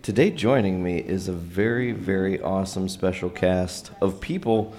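A man hosting a podcast, chatting casually and upbeat, with quick joking asides. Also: low voice, darkish tone, faint music behind. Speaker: podcast host.

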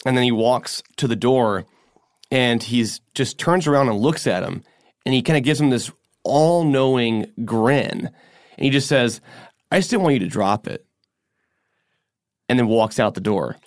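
A man's voice: mid-range voice, normal speed, no room sound, studio quality. A man co-hosting a podcast, casually retelling a strange story and acting out the quotes. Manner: animated retelling, acts out quotes. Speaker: podcast co-host.

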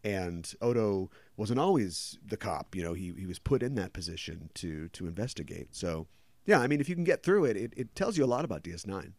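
A man's voice: deep voice, sing-song, fairly quick, no echo. A man hosting a casual podcast chat, talking at length and explaining background details. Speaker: podcast host.

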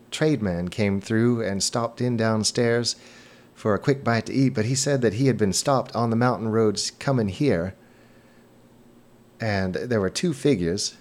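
A man's voice: fairly low pitch, a little mellow, close to an everyday voice. A man voicing a nervous young male inn attendant who speaks in a shaky, stammering voice. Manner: stammering, halting.

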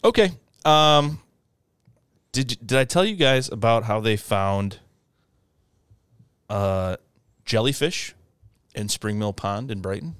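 A man's voice: on the low side, animated, slow, long pauses, a bit bright, clear, resonant tone, dry recording, studio quality. A man co-hosting a podcast in casual chat, joking, swearing and laughing often. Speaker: podcast co-host.

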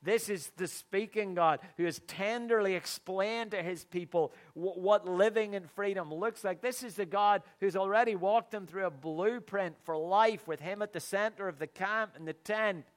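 A man's voice: high-pitched, normal speed, few pauses. A middle-aged man preaching a sermon in an earnest, conversational way, with sudden emphatic bursts.

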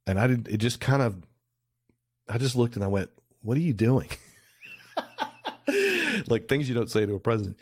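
A man's voice: medium pitch, brisk, pauses often, darkish tone, dry recording, studio quality. A middle-aged man, a photographer guest on a podcast, telling rambling anecdotes with lots of restarts in a casual interview. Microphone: remote call recording.

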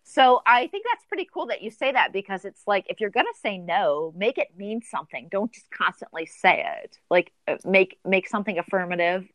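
A woman's voice: medium pitch, lively intonation, brisk, hardly any pauses, fairly bright tone, no echo. Woman host, mother of teens, curious and friendly, casual interview, dry recording. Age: adult with teenage children. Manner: friendly, curious, uses fillers.

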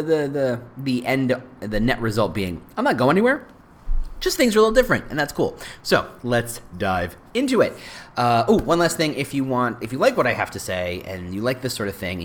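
Chatty man hosting a solo podcast. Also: mid-range voice. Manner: rambling, self-correcting, chatty. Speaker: podcast host. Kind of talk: casual solo podcast monologue.

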